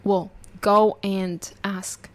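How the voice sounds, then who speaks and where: Woman podcast host, mid pitch, earnest and encouraging tone, talks straight to the listener. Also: level tone, very slow. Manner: earnest, reassuring, speaks directly to listeners.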